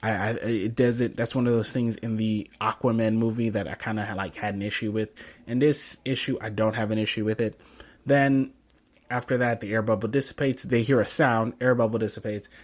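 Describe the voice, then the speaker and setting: Rambling man with a lowish voice reviewing a film. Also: fairly even intonation, fairly quick. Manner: rambling, many fillers and self-corrections. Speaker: podcast host reviewing a film. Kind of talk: casual film review commentary.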